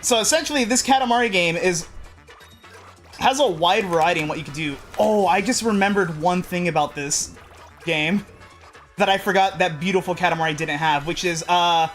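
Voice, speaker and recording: A streamer talks casually over gameplay, circling back and fixing their own sentences as they go. The voice sits at a middling pitch. Soft music plays faintly in the background. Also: normal speed. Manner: rambling, with frequent restarts and self-corrections. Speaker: let's play streamer.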